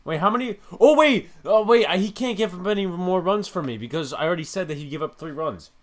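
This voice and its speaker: A man's voice: high-pitched, quick pace, a bit bright. A young man co-hosting a podcast, reacting live to a ballgame, cheering and swearing casually. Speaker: podcast co-host. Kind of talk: live game-watching reaction chat.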